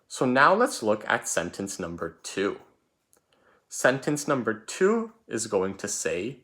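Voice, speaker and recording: A man's voice: lowish voice, sing-song, measured pace, fairly bright tone. A man teaching a recorded spelling lesson for children, patient and repetitive, calling out words and letters.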